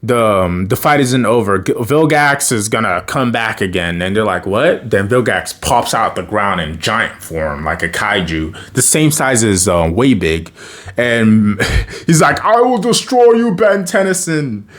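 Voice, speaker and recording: A man recapping a cartoon episode in a casual review, his pitch swinging up and down with lively energy. He jokes, laughs often and stumbles through fillers and self-corrections as he goes. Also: unhurried. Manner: animated, joking, laughs often, acts out quotes.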